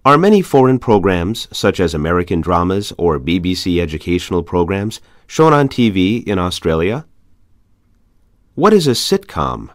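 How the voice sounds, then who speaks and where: A man with a fairly low voice reads conversation practice questions for an English lesson at a steady pace. His intonation rises and falls in a lively way on each question. The recording is dry and close. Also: dry recording. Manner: measured, evenly paced question reading. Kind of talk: reading practice questions aloud.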